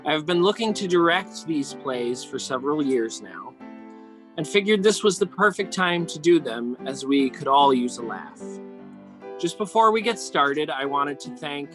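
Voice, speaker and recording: A man's voice: a little high, lively intonation, a little slow, fairly bright tone, faint music behind. A man introducing a video-call play reading as its director, upbeat and thankful. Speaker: director and host. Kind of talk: scripted introduction. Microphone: computer mic on video call.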